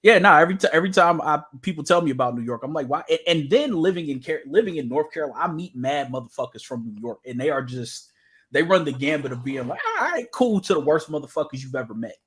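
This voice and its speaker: Talking fast in a husky voice on the high side, this man co-hosts a podcast. He's an animated storyteller, laughing a lot through the casual conversation.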